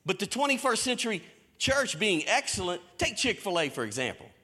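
A man preaching a sermon in a lively storytelling way, with folksy Southern phrasing. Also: high-pitched, a little fast. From American South. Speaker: pastor. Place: church stage.

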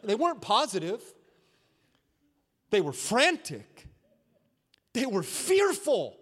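A male pastor preaching a sermon with dramatic swings from shouts to hushed asides and repetitive, rhythmic phrasing. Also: high-pitched, huge pitch swings, takes it slowly, husky, big-room sound.

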